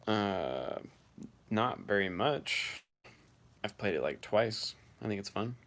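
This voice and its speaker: A man's voice: fairly low pitch, fairly bright tone. A man hosting a casual live stream, reading viewers' messages aloud and answering them offhandedly.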